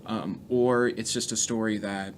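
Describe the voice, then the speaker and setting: A man's voice: fairly low pitch, a little slow, a little hiss or hum. A man, a stand-up comedian, telling profane road stories as a podcast guest. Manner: profane, animated storyteller. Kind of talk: casual storytelling.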